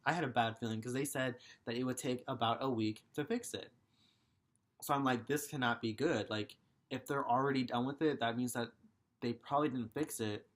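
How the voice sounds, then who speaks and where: A man's voice: mid-range voice, fairly bright tone. Young man, vlogger, frustrated profane rant, rambling, casual talk. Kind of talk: ranting vlog.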